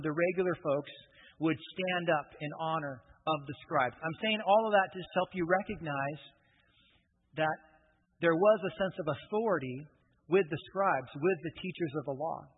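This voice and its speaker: A man's voice: fairly high pitch, husky. A man preaching a sermon in a conversational way, explaining scripture with casual asides and humor. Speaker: pastor. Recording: tinny phone-like sound with long reverb.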